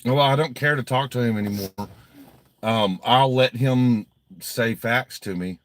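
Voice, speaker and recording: A man's voice: mid-range voice, unhurried, a bit bright, no room sound. A man hosting a casual livestream, blunt and heavily profane, often agitated as he reads viewer donations.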